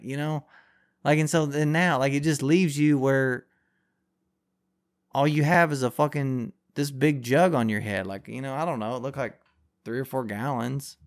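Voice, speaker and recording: A man ranting loosely on his podcast, his speech full of curses and the filler "like". He drifts from point to point in a casual, offhand way, at a middling pitch for a man. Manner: profane, rambling, heavy use of filler "like". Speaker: podcast host. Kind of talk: casual rant.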